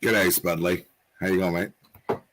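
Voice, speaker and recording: A man, a guest musician chatting on a livestream, earnest and warm-hearted, talking in quick bursts. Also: sits low, level tone, a little hiss or hum, poor audio. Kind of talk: casual livestream chat.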